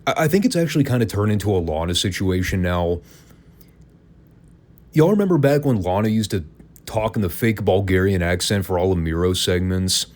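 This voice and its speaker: Deep-voiced sarcastic man reviewing wrestling. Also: animated, a little fast, a little mellow. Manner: sarcastic, opinionated. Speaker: podcast host. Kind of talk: casual wrestling review commentary.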